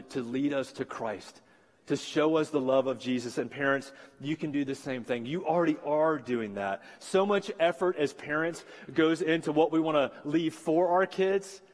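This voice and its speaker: Man, pastor, 40s, earnest sermon, repeats key phrases, slightly high voice, echoing church hall. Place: church sanctuary.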